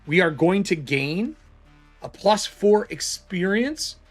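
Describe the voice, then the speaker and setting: A man's voice: high voice, animated, slow pace, faint music behind. Man narrating a solo tabletop game. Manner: casual, thinking aloud, rolling dice.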